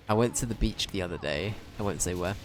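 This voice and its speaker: A man's voice: sits low, normal speed. A young man chatting casually on a game stream, rambling and swearing as he jokes with chat. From Britain.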